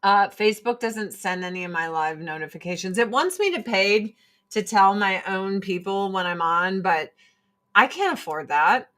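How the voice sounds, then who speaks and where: A woman's voice: mid-range voice, moderate pace. A woman hosting a casual livestream, swearing freely and mimicking people in mocking voices as she rants and shows products. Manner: profane, animated, mocking voices in quotes. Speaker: livestream host selling products.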